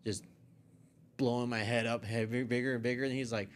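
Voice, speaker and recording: A young man, a podcast guest, casually telling a story with lively quoted voices and frequent swearing. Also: mid-range voice, normal speed, pauses often. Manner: animated retelling, acts out quoted voices, swears freely. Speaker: podcast guest, artist and photographer.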